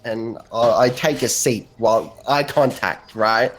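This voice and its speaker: A man playing a tabletop role-playing game, telling his side in an animated way. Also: medium pitch, a little slow. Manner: animated, swearing storyteller. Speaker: player.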